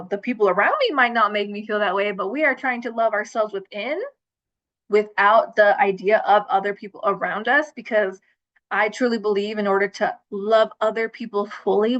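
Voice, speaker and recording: A self-love coach hosts a lo-fi livestream, talking casually in a mid-range voice. She's chatty and rambling, with lots of filler words.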